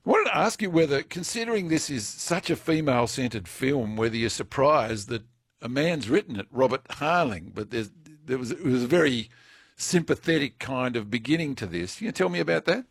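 A man hosting a radio interview in a dry studio sound, friendly and conversational. His voice sits at a middle pitch. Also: lively intonation, a little fast, husky, no room sound. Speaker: radio presenter.

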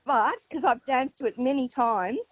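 A woman's voice: high-pitched, moderate pace, slightly rough, dry recording. An Australian woman calling in to a radio quiz, chatty and rambling. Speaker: radio caller. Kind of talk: casual phone chat. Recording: muffled phone line.

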